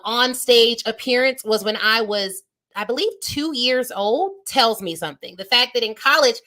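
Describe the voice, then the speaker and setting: A woman's voice: fairly high pitch, pushed and bright. A woman in her thirties hosting a live-stream motivational talk, speaking emphatically and straight to her viewers in a preacher-like way. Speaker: business coach and show host. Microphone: phone or webcam on a live stream.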